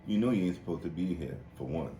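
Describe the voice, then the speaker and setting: A man hosts a casual podcast, telling profane, animated stories and doing high-pitched voices for the people in them. His pitch swings widely as he talks. The room is echoey, with a faint hiss underneath. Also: fast. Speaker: podcast host. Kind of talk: casual storytelling chat. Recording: roomy echo, faint noise.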